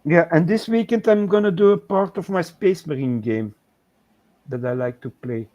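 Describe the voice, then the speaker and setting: A man's voice: a little high, moderate pace, mellow, highs cut off. A man co-hosting a casual livestream, patiently talking someone through painting step by step. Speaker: co-host of a painting chat show. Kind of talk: casual livestream chat while coaching painting.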